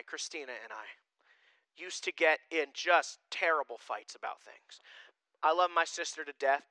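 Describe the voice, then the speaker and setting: Emphatic high-voiced male pastor, bright and dry. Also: smooth, no room sound, poor audio. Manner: emphatic, shifting between loud declarations and quiet asides. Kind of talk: sermon.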